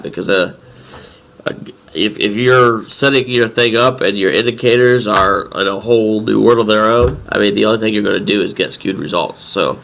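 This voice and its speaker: A man's voice: fairly low pitch, gravelly, fairly bright tone. Congested man rambling over trading screens. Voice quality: rambling, halting restarts. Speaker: crypto trading bot vlogger. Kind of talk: casual screen-share commentary.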